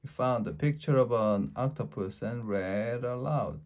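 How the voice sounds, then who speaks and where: A man reading a children's storybook aloud in a slow, deliberate way, with small slips. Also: medium pitch, a little mellow. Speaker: storybook reader.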